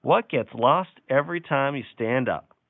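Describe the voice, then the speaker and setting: A man's voice: mid-range voice, lively intonation, normal speed, gravelly, no room sound. A man hosting a casual live stream, reading out silly jokes and viewer comments with frequent chuckles. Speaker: livestream host. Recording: tinny, phone-like sound.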